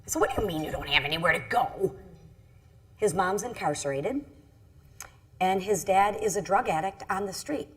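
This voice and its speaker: A middle-aged woman, a congresswoman, telling a personal story on a panel in an earnest, halting way with many restarts. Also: medium pitch, lively intonation, breathy edge. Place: event stage.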